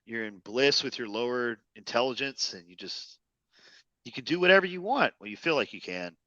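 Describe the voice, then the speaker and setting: A man with a Minnesota accent co-hosting a casual podcast, often pausing to search for words. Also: medium pitch, expressive, sharp tone, no echo, muffled recording. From Minnesota, USA. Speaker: podcast co-host.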